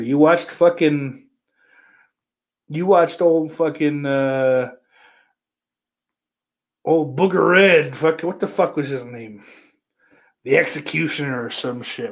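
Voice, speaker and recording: A man hosting a casual live stream, reading viewer comments and answering them in a crude, sarcastic, rambling way with lots of swearing. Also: on the high side. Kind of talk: casual profane chat.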